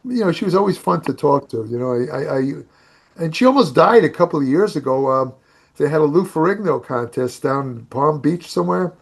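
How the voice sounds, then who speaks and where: An older man spins long, meandering stories in a fairly high speaking voice for a man, stumbling over restarts and circling back to names. He sounds like a guest reminiscing on a podcast. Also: expressive, fairly quick, gravelly. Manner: rambling anecdotes with restarts and laughs. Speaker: guest, bodybuilding writer. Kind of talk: casual storytelling on a podcast.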